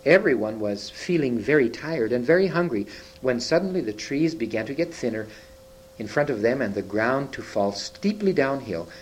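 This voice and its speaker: Expressive man reading a children's story. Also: medium pitch, normal speed, slight background noise, poor audio. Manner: expressive with occasional slips and restarts. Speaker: reader.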